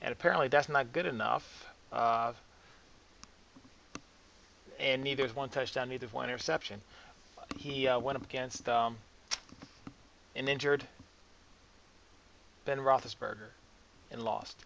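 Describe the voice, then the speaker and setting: Man, gravelly voice, casual sarcastic football commentary, rambling fillers, lo-fi recording. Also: medium pitch, fairly even intonation, a little slow, long pauses, a bit bright, slight background noise. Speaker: sports commentary vlogger.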